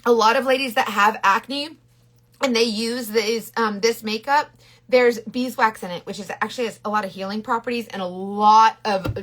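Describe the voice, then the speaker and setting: Bubbly chatty woman, high voice. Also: steady tone, moderate pace, fairly bright tone. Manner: chatty, bubbly, greets viewers by name; rambling with frequent restarts. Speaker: makeup seller doing a live stream. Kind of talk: casual live-stream makeup demo.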